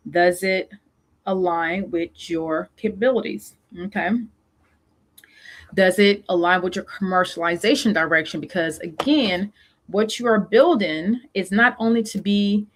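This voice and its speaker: A woman with a Southern US accent and a fairly low voice hosts a casual solo talk. She coaches founders, circles back to her questions and fills pauses with "um" and "okay.". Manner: coaching, repeats questions, many fillers. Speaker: show host and funding consultant.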